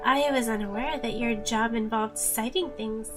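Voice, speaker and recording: A woman reading a pompous, stern male boss in a game, speaking in a slow, condescending way. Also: fairly high pitch, over music, lightly acted. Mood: haughty. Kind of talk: reading a game's dialogue aloud.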